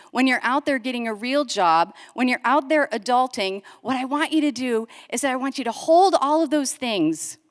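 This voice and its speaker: Woman speaker, fairly high voice, animated storyteller, hall reverb. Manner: animated storyteller, lively quoted voices, builds to exhortation. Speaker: conference speaker. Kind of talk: inspirational talk with storytelling.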